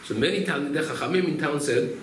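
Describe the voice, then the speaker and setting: A man's voice: on the high side, quick pace, a bit bright, a little hiss or hum. A man, a rabbi, teaching a Torah class through storytelling, acting out quotes and explaining Hebrew terms. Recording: roomy room echo, faint ambience.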